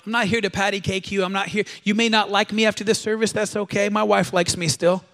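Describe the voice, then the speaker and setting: A man's voice: high-pitched, little pitch movement, quick pace, fairly bright tone. A male pastor preaching a sermon at a church service, emphatic and exhortative, leading the congregation in call-and-response.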